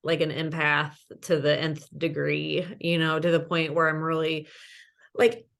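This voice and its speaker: A woman in her thirties, guesting on a podcast as a ghost hunter, rambles through casual chat packed with "like" and "you know." Her voice sits low and monotone with vocal fry and a slightly bright tone, and she takes her time.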